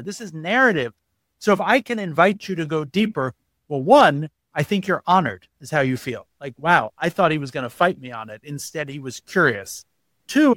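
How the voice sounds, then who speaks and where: A man with a high, fairly bright voice speaks as a guest on a podcast interview, recorded with no room sound. He gives long explanations and performs the voices of people in his stories.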